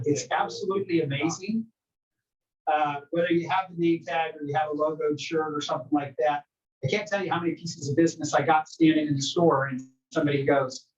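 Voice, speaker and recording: Man, real estate trainer, energetic conversational coaching, slightly high voice, muffled lo-fi sound. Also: fairly quick. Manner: energetic, conversational coaching that asks the group questions. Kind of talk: workshop teaching to a live group. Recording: distant, dull room recording.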